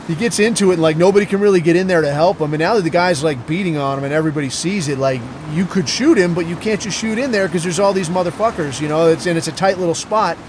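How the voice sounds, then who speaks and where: A man hosting a podcast, telling stories in a crude, rambling monologue full of swearing and deadpan asides. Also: fairly high pitch, quick pace, hardly any pauses, background noise. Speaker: podcast host. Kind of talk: profane casual storytelling monologue.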